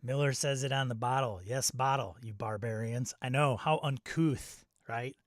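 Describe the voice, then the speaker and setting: A middle-aged male host chatting casually on a live stream, drifting between memories and laughing at his own tangents. His voice sits at an ordinary middle pitch. The sound is dry and close, with no room echo. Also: moderate pace. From Wisconsin. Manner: rambling and nostalgic, laughing at himself. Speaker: channel host.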